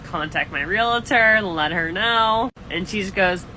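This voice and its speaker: Woman landlord vlogging, bright, animated storyteller; faint room noise behind. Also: mid-range voice, measured pace, few pauses, poor audio. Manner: animated, exasperated, gossipy. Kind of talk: casual storytime vlog.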